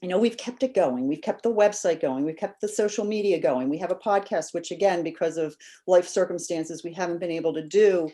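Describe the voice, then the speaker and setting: A woman guest on a podcast, telling a story in a casual, animated way and acting out the voices of people she quotes. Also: fairly low pitch, fairly quick.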